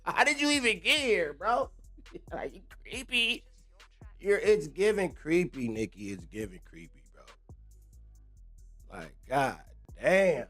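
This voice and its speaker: A man's voice: a little high, very animated, slow, long pauses, fairly bright tone, faint music behind. A young man, ranting casually on a livestream, slangy and laughing often. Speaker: livestream host.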